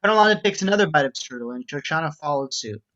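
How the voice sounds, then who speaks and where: Male narrator reading stage directions, slightly high voice, muffled lo-fi mic. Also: animated, racing, pushed and bright.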